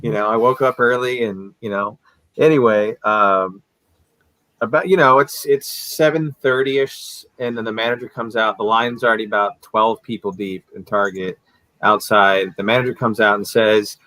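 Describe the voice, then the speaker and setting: Animated male storyteller, dry sound. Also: fairly low pitch, normal speed, no echo, poor audio. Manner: animated storyteller who acts out the people in his stories. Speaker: livestream guest, collectibles seller. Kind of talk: casual chat.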